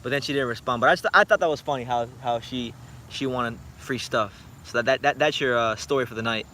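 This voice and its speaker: A man's voice: medium pitch, fairly quick, sharp tone, slight background noise. A young man from South Florida, talking boxing in a blunt, profane, joking late-night vlog chat. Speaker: boxing YouTuber.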